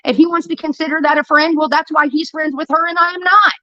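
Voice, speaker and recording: A woman's voice: high-pitched, fairly even intonation, quick pace, hardly any pauses, pushed and bright, no echo, dull audio. A woman streamer delivering a heated, profane rant about a falling-out with a friend, talking straight into a close mic. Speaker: livestreamer. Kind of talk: ranting livestream monologue.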